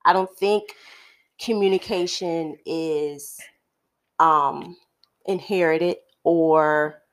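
Woman co-host, low voice, thoughtful and measured, casual chat delivery. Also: fairly even intonation. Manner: thoughtful, measured, with many "um" pauses. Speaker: podcast co-host.

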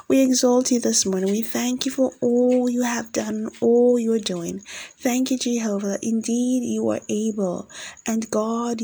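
A woman minister leading a fervent, solemn spoken prayer, with repeated declarations in a steady devotional cadence. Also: on the high side, breathy edge.

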